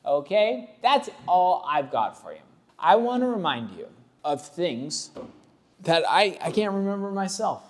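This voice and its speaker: A man's voice: high voice, very animated, measured pace. A man in his thirties, a tattoo artist, giving casual, rambling and jokey commentary with a sarcastic streak.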